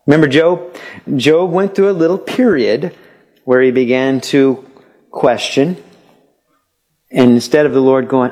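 A man's voice: mid-range voice, darkish tone. A man preaching a sermon in a conversational way, asking rhetorical questions and acting out little quoted exchanges. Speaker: pastor.

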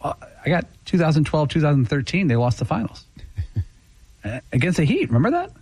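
A man chiming in as co-host on a sports radio show, quick and joking while checking facts. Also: fairly high pitch, wildly swooping pitch, a little mellow, husky, no room sound. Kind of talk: casual studio banter.

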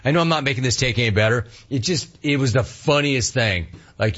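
A man's voice: mid-range voice, lively intonation, normal speed, fairly bright tone, highs cut off, slight background noise. A man hosting a casual talk radio show and reading listener complaints, talking in slang and repeating words for emphasis.

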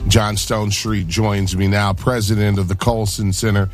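A man's voice: on the low side, little pitch movement, normal speed, faint music behind. A man hosting a talk radio interview, speaking with passion and fire. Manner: fired up, passionate.

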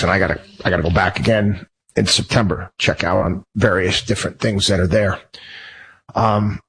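A man's voice: lowish voice, a bit bright, slightly rough, rough recording. A man hosting his own show, talking in a heated, rambling monologue full of restarts and repeated phrases. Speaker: show host. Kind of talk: personal monologue.

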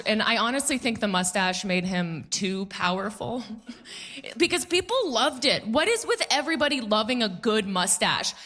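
Sarcastic woman comic, bright voice. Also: mid-range voice. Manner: sarcastic, punchy, self-mocking. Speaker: stand-up comedian. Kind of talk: stand-up comedy set.

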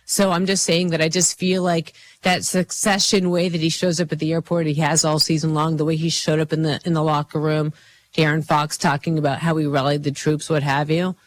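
A man with a notably high voice co-hosts a casual sports talk show. He talks in an animated, joking way, rambling through fillers. A faint hiss of noise sits under the recording. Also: brisk. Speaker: sports radio co-host.

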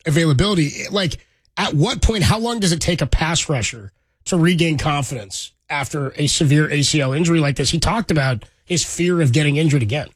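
A man's voice: on the high side, brisk, no echo. A man hosting a casual sports podcast, talking in a rambling way and laughing often. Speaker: podcast host.

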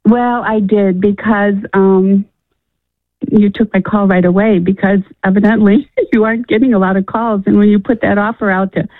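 A woman calling in to a radio show, talking haltingly with many restarts. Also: medium pitch, steady tone, no room sound. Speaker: caller. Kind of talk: phone-in conversation. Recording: tinny phone line.

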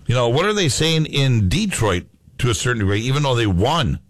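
A man's voice: medium pitch, animated, fairly quick, no echo. A man co-hosting a sports talk show, casual and jokey, bantering with his partner. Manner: jokey, banters, throws in put-on accents. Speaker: sports radio co-host.

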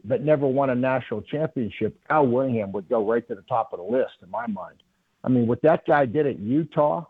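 Folksy coach on a tinny phone line. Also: male voice, mid-range voice, slightly rough, dry recording. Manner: rambling, folksy, many fillers. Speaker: former football coach, guest analyst. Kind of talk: phone-in radio interview.

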